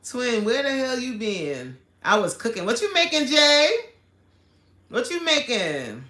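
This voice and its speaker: A woman's voice: on the high side, big pitch swings, measured pace, pushed and bright, roomy sound. A woman fitness coach hosting a casual livestream, reading viewer comments aloud with playful, slangy banter and frequent laughter.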